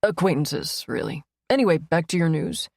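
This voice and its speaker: A woman voicing a brusque young man, a cranky boyfriend, in an audiobook with a low, quiet, clipped delivery. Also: lively intonation, normal speed, gravelly, no echo, studio quality, heavily acted. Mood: dismissive. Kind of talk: audiobook character voice.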